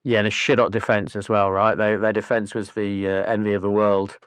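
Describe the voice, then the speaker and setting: A man's voice: on the low side, fairly quick, clean tone, no echo, clean studio sound. A man, co-hosting a podcast and telling stories in casual chat, swearing freely and doing voices. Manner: lively, profane storyteller doing voices. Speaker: podcast co-host.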